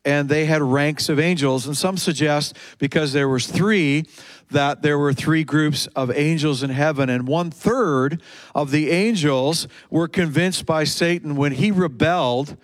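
A man preaching a sermon in a church service, emphatic, repeating key words and slowing down for quoted scripture. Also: a little high, no room sound. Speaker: pastor.

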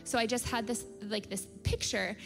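A woman in her thirties gives a casual, story-driven sermon in a church auditorium, her fairly high voice trailing into a long hall reverb. She talks in a chatty way, with plenty of fillers and little laughs, and acts out the lines of the people in her stories. Faint music plays softly behind her. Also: steady tone, moderate pace. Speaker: church speaker.

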